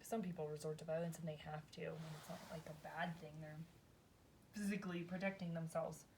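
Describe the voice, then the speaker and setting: Chatty, low-voiced woman reading tarot. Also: little pitch movement, brisk, background noise. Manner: chatty, rambling, heavy use of "like" and "right?"; reflective, thinking aloud. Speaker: tarot reader. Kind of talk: casual pick-a-pile tarot reading.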